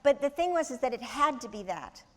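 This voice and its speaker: A woman in her sixties, an actress guest telling lively anecdotes with laughter in an onstage interview. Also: sits high, fairly quick. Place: large auditorium. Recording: long hall reverb.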